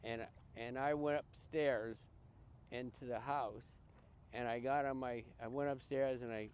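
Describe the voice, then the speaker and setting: An older man from Massachusetts, a podcast guest, tells his life story in an earnest, halting way, often restarting and repeating words. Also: mid-range voice, fairly even intonation, a little mellow, slight background noise. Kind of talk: personal life story in conversation.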